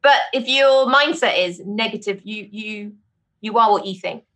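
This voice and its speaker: A British woman in middle age talks easily as a podcast guest. She laughs often and her voice leaps up high when she gets excited, then settles back into a calm, even register. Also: moderate pace. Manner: chatty, laughs often, breaks into bright high exclamations. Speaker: podcast guest, vocal coach. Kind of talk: casual interview chat.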